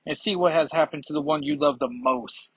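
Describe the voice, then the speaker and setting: A man's voice: fairly high pitch, fairly quick, slightly rough, dry recording, voice pushed up, low-quality recording. A man putting on a taunting Scottish villainess. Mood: gloating. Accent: put-on Scottish. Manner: taunting, threatening. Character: cruel woman villain, scheming, mocking.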